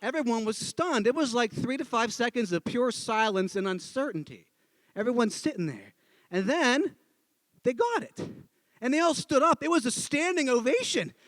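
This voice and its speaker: Speaking with an extremely high pitch at a moderate pace, a storyteller from the northeastern United States recounts a personal tale before an audience. He's animated and acts out every character, and no room sound can be heard.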